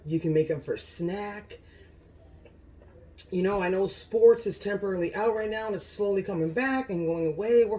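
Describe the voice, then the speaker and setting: A woman hosting a casual home cooking vlog, gushing and excitable, often exclaiming over the food. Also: mid-range voice. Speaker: cooking channel host.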